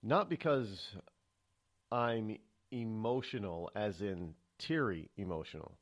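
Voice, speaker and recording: A man's voice: fairly low pitch, animated, slow. A man hosting a live morning call-in talk radio show, rambling with fillers and restarts as his anger shows. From New England, United States. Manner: chatty, then angry, with many fillers and restarts.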